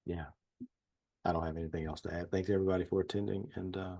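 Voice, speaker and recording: A very low, mellow male voice with a Louisiana Southern accent, a little husky around the edges. He teaches in a folksy, joking way over a video call, like a psychologist talking shop with friends. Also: little pitch movement, fast. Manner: folksy, chatty, self-deprecating humor. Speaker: psychologist and trainer. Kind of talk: casual webinar lecture.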